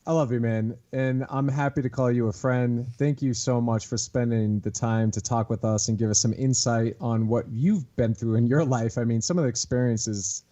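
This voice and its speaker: Mellow-voiced enthusiastic podcast host man. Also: mid-range voice, steady tone, normal speed, hardly any pauses, muffled recording. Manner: warm-hearted, enthusiastic, laughs often. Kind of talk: casual podcast chat.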